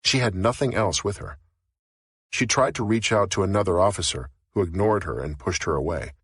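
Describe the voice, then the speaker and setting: A man narrating a novel as an audiobook in a steady, even reading. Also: sits low, moderate pace, slightly rough, dry recording, clean studio sound.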